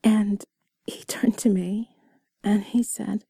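A young woman murmurs a whispered role-play close to the mic, her breathy whisper carrying a gravelly edge. She is intimate and giggly and pokes fun at herself, and the sound is dry with no room around it. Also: mid-range voice, steady tone, slow pace, warm tone, no echo. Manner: intimate, giggly and self-deprecating, mostly whispered. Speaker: audio role-play creator.

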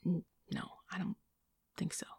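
A woman's voice: unhurried, dark tone, no echo, in a whisper, lightly acted. A woman voicing a blunt, evasive man who hesitates and then speaks frankly about a breakup.

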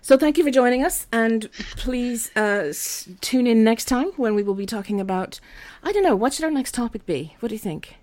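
A woman's voice: a little high, animated, moderate pace, hardly any pauses, darkish tone, no room sound. A woman hosting a comedy podcast, giggly, crude and rambling as she chats with her guests. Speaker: podcast host. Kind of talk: casual comedy podcast chat.

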